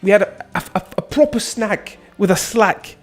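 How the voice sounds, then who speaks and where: A swaggering young British street guy, cocky and boastful, his voice pushed well above its usual pitch, as a man puts him on. He leans on slang and tacks a tag question onto nearly every line, with faint music playing underneath. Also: expressive, moderate pace.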